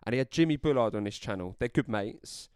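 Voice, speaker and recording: A man's voice: mid-range voice, lively intonation, brisk, a little mellow, smooth, no room sound, studio quality. A man hosting a football podcast in casual, rambling chat. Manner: chatty, rambling with restarts and laughs. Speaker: podcast host.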